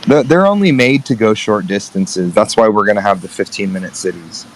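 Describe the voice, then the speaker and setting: A man's voice: on the low side, a little fast, a little hiss or hum, poor audio. A man chatting casually on a live stream, laid-back, laughing and swearing. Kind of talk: casual chat.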